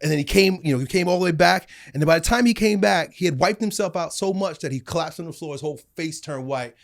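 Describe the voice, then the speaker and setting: A middle-aged man, a guest on a studio podcast, telling animated stories and acting out the people in them. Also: fairly high pitch, fast talker, creaky. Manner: animated storytelling, acts out voices in anecdotes. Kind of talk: casual studio conversation.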